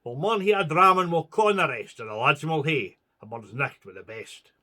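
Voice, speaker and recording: A man's voice: on the high side, lively intonation, moderate pace, pushed and bright. A man voicing a wounded Scots soldier who has lost his legs, talking in broad Scots dialect, stubborn and cheery. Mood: eager.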